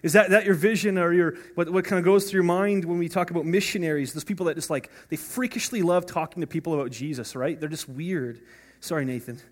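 A man's voice: fairly high pitch, quick pace. A man preaching a sermon as pastor in a conversational way, often asking "right?" and restarting his words. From North America.

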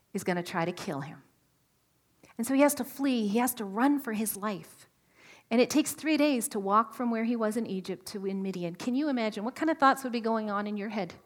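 A woman preaching a sermon, animated and asking her listeners questions, sometimes dropping to a whisper for emphasis. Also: mid-range voice. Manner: animated, asks the audience questions.

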